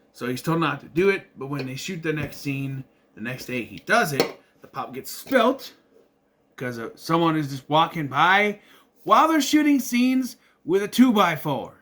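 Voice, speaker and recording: A man from southern Minnesota talks through a movie in loose, rambling commentary. His pitch sits a bit high and moves all over the place. His tone is bright and forceful. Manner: rambling, restarts, occasional swearing. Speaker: video reviewer.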